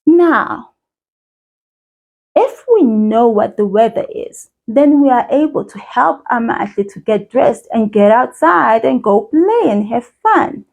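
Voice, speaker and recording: A woman with a high, light voice runs a language lesson for young children. She talks slowly and cheerfully, in a sing-song way, as if straight to a small child watching. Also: animated, gravelly, darkish tone, highs cut off. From South Africa. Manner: cheerful, slow and sing-song, speaking directly to a child viewer.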